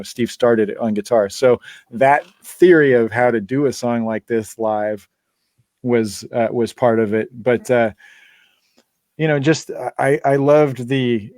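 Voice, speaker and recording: A man's voice: mid-range voice, a little mellow, dry recording, clean studio sound. A man, a band leader and guitarist, chatting casually on a live stream, rambling with many fillers and frequent laughs.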